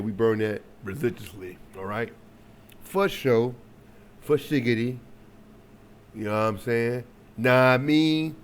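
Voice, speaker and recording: A man's voice: on the low side, darkish tone, slight background noise. A man hosting a reaction video, chatting casually with slang and jokey asides.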